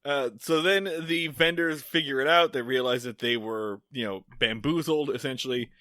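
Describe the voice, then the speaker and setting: A man's voice: medium pitch, moderate pace, pushed and bright, no echo, clean studio sound. A man co-hosting a podcast, recapping a sitcom episode in loose, profane, casual comedic chat. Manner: loose and profane, lots of fillers. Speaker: podcast co-host.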